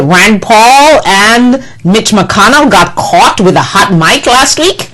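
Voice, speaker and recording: A woman's voice: on the high side, fairly bright tone, poor audio. A woman delivering an impassioned political monologue, indignant and scolding, with emphatic repetition. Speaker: political commentator.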